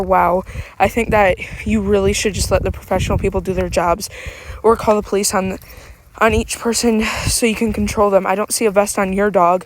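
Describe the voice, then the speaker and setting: Woman out walking her dog, kinda out of breath, reading comments and firing back, mid pitch, faint traffic noise. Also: fairly even intonation, a little fast, low-quality recording. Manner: indignant, reads comments aloud and rebuts them. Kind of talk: casual chat while walking a dog. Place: outdoors on a street walk. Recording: faint street noise, passing cars.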